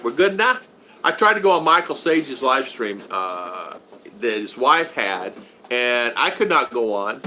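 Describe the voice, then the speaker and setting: An American man hosting a casual live stream from his home in the Philippines, rambling and greeting viewers by name with shout-outs. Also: mid-range voice, very animated, a little slow, a little hiss or hum.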